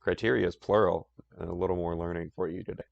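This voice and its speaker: A man's voice: sits low, fairly even intonation, fast, gravelly, dry recording, lo-fi sound. A man chatting casually on a live stream, playful and chatty, with nerdy asides.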